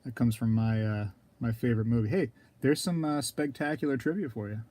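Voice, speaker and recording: A man hosting a casual live stream, rambling to viewers in chat and clearing his throat often. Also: mid-range voice, a little fast, warm tone. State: throat scratchy, keeps coughing.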